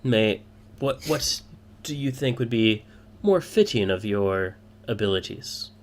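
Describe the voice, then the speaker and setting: A man voicing a formal male patron who hands out a job in a tavern, speaking in a measured, stiff way. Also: mid-range voice, lively intonation.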